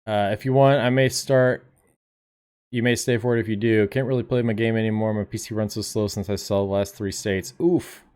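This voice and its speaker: A fairly low-voiced young man streaming a game. He talks to his viewers in a relaxed, off-the-cuff way and swears casually. His commentary stays loose and unscripted. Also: fairly quick, smooth. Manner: chatty, laid-back, swears casually, talks to chat. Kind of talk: casual live gameplay commentary.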